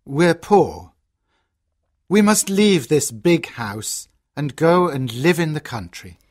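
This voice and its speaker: An actor playing a worried, kindly father who has lost his fortune, speaking slowly and earnestly in an audiobook story. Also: a little high, big pitch swings, full character voice. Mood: grave. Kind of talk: graded-reader audiobook acting.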